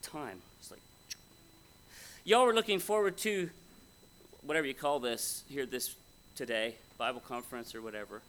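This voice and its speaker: A man's voice: mid-range voice, normal speed, pauses often, fairly bright tone, slight background noise. A man preaching a conversational, folksy sermon at a Bible conference, often asking his audience questions. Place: conference hall before an audience.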